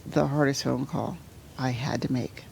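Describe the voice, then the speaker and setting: A middle-aged woman telling a painful personal story as an interview guest, halting and full of fillers, sometimes sinking to a near-whisper. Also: a bass voice, steady tone, vocal fry, slight background noise. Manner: halting, full of "you know" fillers and restarts; drops to a soft near-whisper at painful moments. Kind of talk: emotional personal storytelling in conversation.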